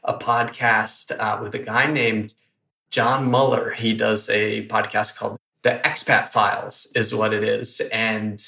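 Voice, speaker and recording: In an echoey room, a man hosts a podcast, casually chatting with his guest in an interview. His voice is lowish, fairly flat, unhurried, pushed and bright, with vocal fry.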